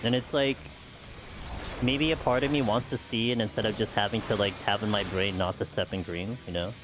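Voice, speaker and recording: A man's voice: fairly low pitch, steady tone, brisk, over music. A man streaming a game, chatting casually with viewers in a rambling way full of "like" and "you know". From United States. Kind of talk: casual chat while playing.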